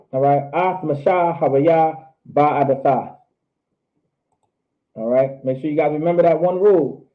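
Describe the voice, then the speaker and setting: Male instructor running a class, repeats each phrase slowly; thin, phone-line audio. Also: medium pitch. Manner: repetitive, drills phrases slowly syllable by syllable. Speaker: language teacher. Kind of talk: online class lecture.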